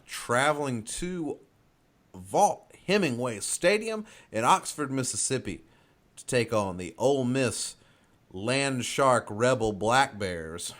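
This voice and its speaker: A man's voice: medium pitch, fairly bright tone. A man from the Southern US hosting a podcast, reading out football matchups and asking his co-hosts for their picks in an upbeat, casual way. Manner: upbeat, runs through matchups and asks for picks. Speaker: podcast host. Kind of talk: casual sports chat.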